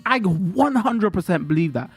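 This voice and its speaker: High-voiced ranting man streamer. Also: normal speed, breathy edge, no room sound, soft background music. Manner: animated ranting, swearing, restarts. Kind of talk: casual livestream chat.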